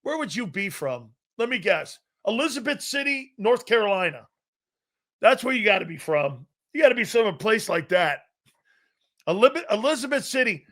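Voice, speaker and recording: A man's voice: high-pitched, big pitch swings, moderate pace, pushed and bright. A man hosting a sports talk stream, ranting casually in a brash, profane, teasing way.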